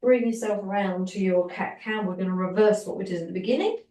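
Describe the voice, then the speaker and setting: Woman calmly cueing an exercise class. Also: mid-range voice, fast, distant mic. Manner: calm, encouraging step-by-step cueing. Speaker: Pilates instructor. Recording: roomy echo, voice from off the mic.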